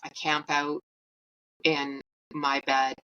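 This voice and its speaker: A young woman from Canada tells a personal story as a podcast host. Her voice sits low but carries a bright, forceful edge. She is candid and self-mocking, and she plays out each exchange with lively quoted dialogue. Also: takes it slowly, highs cut off. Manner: animated, acts out quoted dialogue; candid and self-mocking, laughs while telling.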